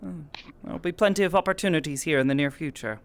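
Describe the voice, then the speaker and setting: A roleplayer speaking in character in voice chat, formal, polite and measured. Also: mid-range voice.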